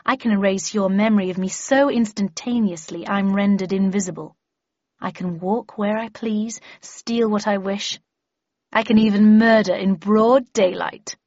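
A cold, mocking female villain, as a woman reader puts her on sneers through her lines. The voice is slightly husky and louder than the narration. The recording is dry and a little dull. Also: medium pitch, steady tone, normal speed, no echo, close to an everyday voice. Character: smug female villain who erases memories.

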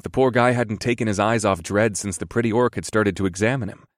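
Reading a fantasy tale told in the first person, a male audiobook narrator keeps his low voice measured and dryly witty. The sound is intimate and dead, without any room sound.

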